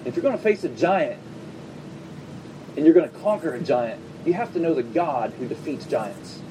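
High-voiced man preaching conversationally. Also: animated, dark tone, far from the mic, a little hiss or hum, rough recording. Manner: conversational preaching with quick asides and humor. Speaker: pastor. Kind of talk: sermon. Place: church service before a congregation.

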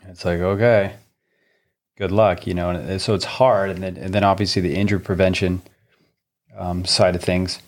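Deep-voiced, agreeable male co-host. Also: flat delivery. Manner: agreeable, quick to back up his co-host. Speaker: tennis coach. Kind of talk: casual podcast chat.

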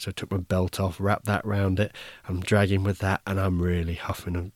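A man's voice: sits low, little pitch movement, a little fast, no echo. A man hosting a podcast, telling a story in an easygoing, wry way, often restarting his sentences. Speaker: podcast host. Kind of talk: casual first-person storytelling.

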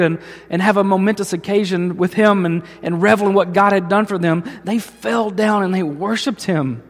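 A man's voice: sits high, moderate pace, hardly any pauses. A man preaching a sermon as pastor, telling stories and acting out the voices of the people in them. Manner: storytelling, acts out voices in quotes. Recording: long hall reverb.

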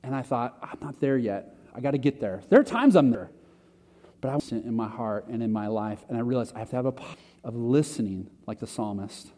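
A man's voice: mid-range voice, lively intonation, a little fast, dark tone. A man preaching a conversational sermon, talking casually and poking fun at himself. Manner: conversational, self-deprecating preaching with restarts. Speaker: pastor. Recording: long hall reverb.

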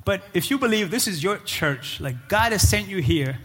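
A man preaching as pastor, moving between shouted, rising climaxes and quieter prayer passages. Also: high voice, animated, normal speed, husky. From Cape Verde. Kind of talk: sermon. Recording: live church hall with music and congregation.

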